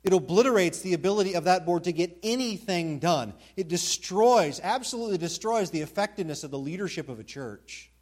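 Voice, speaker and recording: A pastor preaching an expository sermon, repeating key words and asking rhetorical questions. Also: male voice, high-pitched, animated, fairly quick, hardly any pauses, darkish tone.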